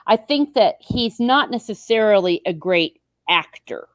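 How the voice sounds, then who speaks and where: A woman's voice: medium pitch, lively intonation, measured pace, no room sound. A woman in casual conversation, wry and opinionated. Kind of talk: casual chat.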